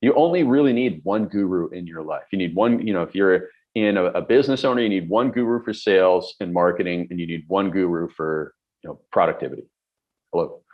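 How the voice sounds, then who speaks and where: Blunt low-voiced coach. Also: male voice, a little fast, lo-fi sound. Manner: blunt, emphatic, lecturing with everyday examples. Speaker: productivity coach. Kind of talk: direct-to-camera advice talk.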